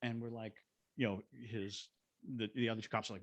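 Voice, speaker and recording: A man's voice: medium pitch, expressive, normal speed, a little mellow, dry recording. A middle-aged man from Georgia in the United States, a paranormal investigator, telling a story in a podcast interview and acting out the voices of the people in it. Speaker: guest, paranormal investigator and ghost tour guide.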